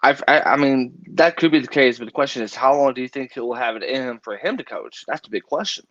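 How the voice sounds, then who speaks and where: A man co-hosting a sports talk show at an ordinary pitch, hesitant and repeating himself as he works through a point. His mic sounds dull and a bit lo-fi, and the sound is dry. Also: lively intonation, fast talker, fairly bright tone, no echo. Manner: hesitant, repeats words, laughs along. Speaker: sports podcast co-host. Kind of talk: casual sports chat.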